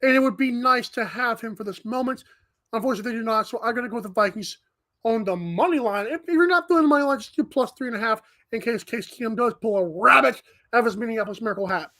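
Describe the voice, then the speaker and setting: High-voiced woman co-hosting a sports show. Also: a bit bright. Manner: breezy, jokey, quick asides. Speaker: co-host. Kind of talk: casual sports betting chat.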